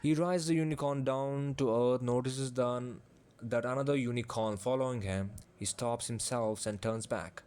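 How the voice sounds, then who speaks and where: A man narrating a fantasy audiobook, reading aloud at a measured pace. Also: medium pitch, fairly even intonation, a little mellow. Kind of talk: storybook narration.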